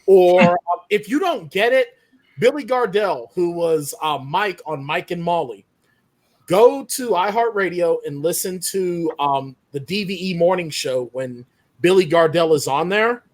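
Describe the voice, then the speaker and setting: A man from Pittsburgh talks on a video-call panel with a lively, swooping pitch that sits a touch high for a man. He tells stories animatedly and laughs often. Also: measured pace. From Pittsburgh, Western Pennsylvania. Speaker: author on a panel. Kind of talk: casual panel chat.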